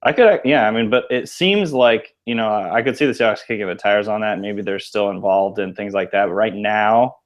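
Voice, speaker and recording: A man's voice: on the low side, moderate pace, hardly any pauses, highs cut off. A man co-hosting a sports podcast, giving easygoing opinions and hedging with "like" and "I think". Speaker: podcast co-host. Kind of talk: casual sports podcast chat.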